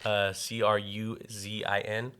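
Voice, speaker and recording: Co-host, man, bright edgy voice, swears a lot, acts out every quote. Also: lowish voice, monotone, unhurried. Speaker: podcast co-host. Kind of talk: casual storytelling.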